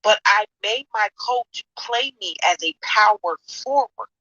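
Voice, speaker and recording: A woman's voice: mid-range voice, expressive, a little slow, bright, forceful tone, dry recording, muffled recording. A woman in a casual chat, telling stories in an emphatic, playful way. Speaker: chat room participant.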